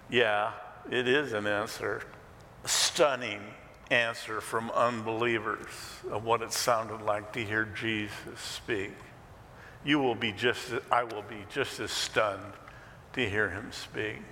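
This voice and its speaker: A pastor preaching a sermon in an animated, conversational way with joking asides. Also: male voice, lowish voice, slow pace, big-room sound, slight background noise. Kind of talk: expressive sermon teaching.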